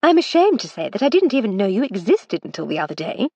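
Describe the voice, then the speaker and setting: A woman voicing a witty, charming Edwardian lady in an audiobook, teasing and brisk. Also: mid-range voice, big pitch swings, a little mellow, breathy edge, dry recording, dull audio, voice pushed up.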